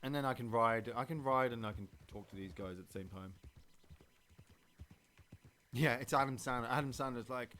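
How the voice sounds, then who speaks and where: A man's voice: medium pitch, moderate pace, long pauses, fairly bright tone. A man hosting a gameplay stream, talking casually and rambling, with many fillers and restarts. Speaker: streamer and podcast host.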